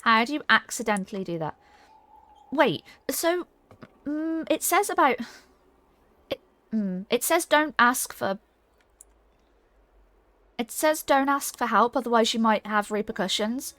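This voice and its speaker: A woman's voice: fairly high pitch, expressive, unhurried, long pauses, fairly bright tone, no room sound. A woman streamer chatting casually and rambling while playing a game, reading her chat aloud.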